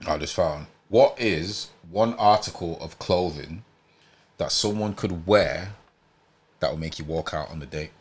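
A man's voice: deep voice, a little slow. A young man in slangy, laid-back casual chat.

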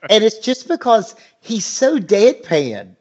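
A man's voice: high voice, sing-song, slow, a little mellow, breathy edge. A man co-hosting a podcast, talking thoughtfully in casual chat with many fillers and restarts. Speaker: podcast co-host. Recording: dull lo-fi recording.

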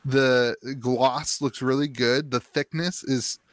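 A man's voice: mid-range voice, fairly even intonation, slow, dry recording. A man co-hosting a podcast in casual chat, rambling through points with many "um"s and restarts. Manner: rambling, full of fillers and restarts. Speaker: podcast co-host.

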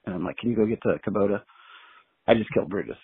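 A man telling a long story in a casual, colloquial and animated way as an interview guest, heard over a phone line. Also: fairly low pitch, racing, breathy edge, dry recording. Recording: tinny dry phone line.

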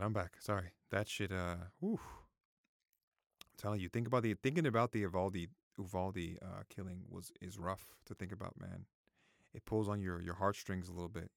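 In a low, gravelly voice, a man in his thirties talks opinions to camera for his vlog, cursing freely and repeating himself as he fights back tears. The recording is dry and studio-clean.

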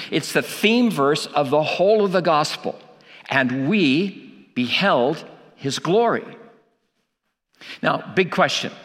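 A man's voice: fairly high pitch, a bit bright, in a large hall. A man preaching a sermon, emphatic, asking rhetorical questions and repeating key lines for weight.

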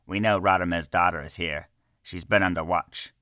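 Stern temple guard for an audiobook, voiced by a man, deep, loud, commanding, dry sound. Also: steady tone, moderate pace, dry recording. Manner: firm, official, commanding. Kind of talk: audiobook character voice.

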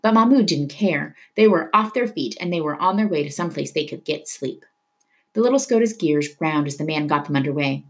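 Woman reading a book out loud, low voice, steady storytelling. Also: brisk. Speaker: reader. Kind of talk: reading a novel aloud.

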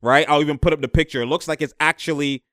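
A man's voice: on the high side, steady tone, fast talker, fairly bright tone, no room sound, studio quality. A young man hosting a podcast, talking basketball in a casual, slangy way and leaning on filler phrases. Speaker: podcast host.

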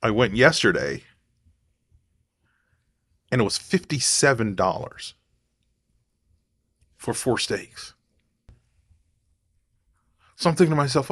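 A man's voice: fairly low pitch, expressive, unhurried, pauses often, a bit bright, breathy edge, no echo. A man talking casually to camera in a rambling, digressive way, thinking aloud as he goes. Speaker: vlogger.

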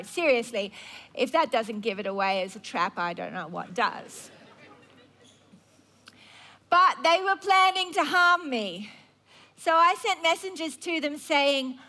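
A woman's voice: sits high, sing-song, takes it slowly, long pauses, sharp tone. A woman preacher telling a Bible story in a sermon, conversational and wry.

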